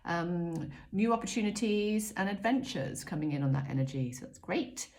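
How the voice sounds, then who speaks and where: A low-pitched, middle-aged woman talks through an oracle card reading in a relaxed, chatty way. She drifts between gentle guidance and light self-mocking asides, with plenty of ums. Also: moderate pace. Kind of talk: casual spiritual guidance talk.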